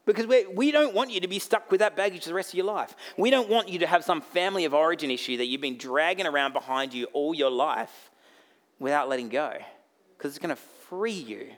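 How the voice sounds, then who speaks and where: A pastor with an Australian accent preaches a blunt, jokey sermon, swinging between loud bursts and quiet asides. His voice is on the high side, and he talks fairly quickly.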